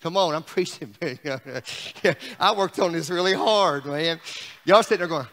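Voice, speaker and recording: A man's voice: on the high side, measured pace, a bit bright, big-room sound. A man preaching an exuberant, joking sermon to his congregation in a church. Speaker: pastor. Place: church sanctuary.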